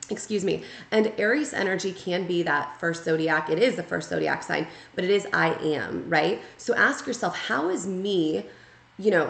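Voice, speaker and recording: Woman, tarot reader, fairly low voice, chatty and conversational, echoey room. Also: creaky, a bit bright. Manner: conversational, checks in often with "right?" and "okay?". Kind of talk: casual spoken tarot reading.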